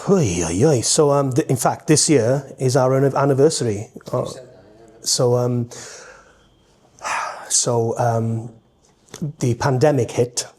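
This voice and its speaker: A Welsh man telling lively stories as a guest, animated and quick to slip into voices. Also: medium pitch. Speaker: entertainer guest. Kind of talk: casual storytelling.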